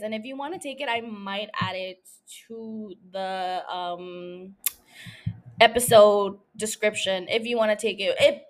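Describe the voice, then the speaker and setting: A young woman with a voice on the high side and a bit bright hosts her own podcast. It's a casual solo chat, rambling and self-mocking, with frequent swearing and laughter.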